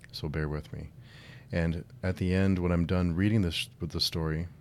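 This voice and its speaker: A man's voice: deep voice, a little hiss or hum. A man hosting a book channel, chatting casually and then reading a science fiction short story aloud. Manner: friendly, with filler words and restarts.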